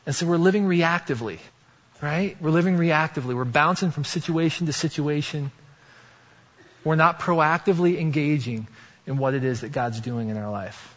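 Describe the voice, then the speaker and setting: A man's voice: a little high, normal speed. Conversational male preacher with long reverb. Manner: conversational, often asks "right?". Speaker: pastor. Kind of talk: sermon. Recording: dull sound with long reverb.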